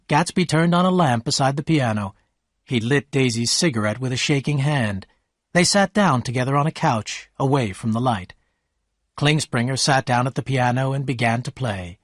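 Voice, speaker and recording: A man's voice: medium pitch, no room sound, studio quality. Man narrating a storybook for learners.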